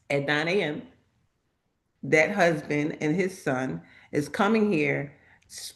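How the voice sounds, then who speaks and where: A woman hosting a casual live chat, telling stories and acting out the people she quotes. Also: fairly low pitch. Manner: lively storytelling that acts out quoted people. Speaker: host.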